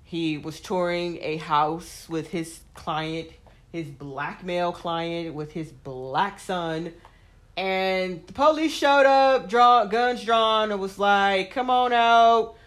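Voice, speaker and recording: A woman talks casually as a host, spinning a story with blunt, profane asides. She fills her sentences with "like" and slips into lively voices when she acts out what others said. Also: lowish voice, takes it slowly. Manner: blunt, profane, vents with heavy "like" fillers; acts out quoted people in animated voices.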